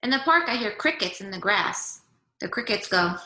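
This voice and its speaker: A woman teacher reading a picture book aloud to young children over a video call, gently asking them questions as she goes. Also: medium pitch, animated, moderate pace. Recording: echoey room.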